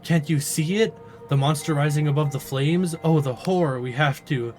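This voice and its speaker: A man's voice: medium pitch, moderate pace, faint music behind, close to an everyday voice. A jittery, prim village mayor woman who keeps insisting all is fine, as a man voices her. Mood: frantic. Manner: fussy, polite, nervously reassuring. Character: flustered, nervous female village mayor and seer.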